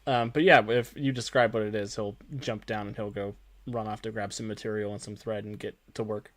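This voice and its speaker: A man with a lowish voice runs a tabletop game as its game master. He describes scenes in a halting way, with pauses to find his words. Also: fairly even intonation, a bit bright, no room sound.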